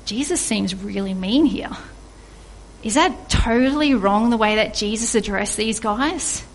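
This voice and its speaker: A woman's voice: fairly high pitch, a little slow, slight background noise, rough recording. An earnest woman giving a reflective devotional sermon, asking her listeners questions. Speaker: preacher.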